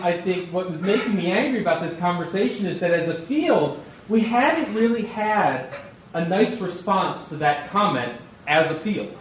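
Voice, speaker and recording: A middle-aged man giving a conference talk as a guest speaker, animated and self-deprecating, laughing often. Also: high voice, normal speed. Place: lecture hall. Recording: echoey hall, faint noise.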